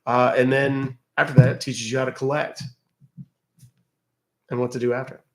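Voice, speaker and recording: A man's voice: mid-range voice, little pitch movement, normal speed. A man around fifty, hosting a casual livestream and answering viewer questions in a wry, chatty way. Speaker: host answering live chat questions.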